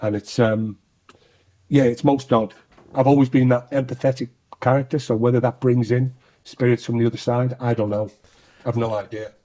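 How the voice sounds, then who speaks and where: A man's voice: mid-range voice, normal speed. A man, an actor and singer, telling a personal story in a conversation and acting out the voices he quotes. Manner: animated storyteller who acts out quoted voices.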